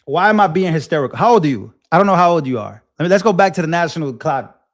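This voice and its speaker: A man's voice: fairly high pitch, fast. Impassioned young man on a livestream. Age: 20s. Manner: animated, impassioned, repeats himself. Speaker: livestream host. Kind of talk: casual livestream talk answering chat.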